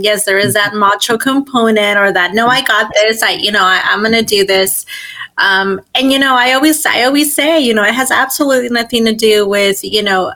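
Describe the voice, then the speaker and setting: A woman guest in casual conversation, upbeat and quick to laugh. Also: medium pitch, bright, forceful tone, rough recording.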